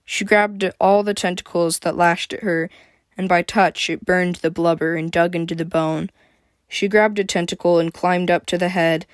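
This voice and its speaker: Woman narrator of a fantasy tale, steady plain read, lowish, dry sound. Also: moderate pace, smooth, no room sound. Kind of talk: reading her own fantasy story aloud.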